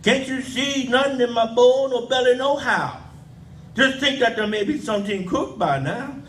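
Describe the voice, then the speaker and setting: A man voicing a bossy old grandmother, high and scolding in a sing-song way. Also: moderate pace, fairly bright tone, distant mic, a little hiss or hum. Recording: echoey room.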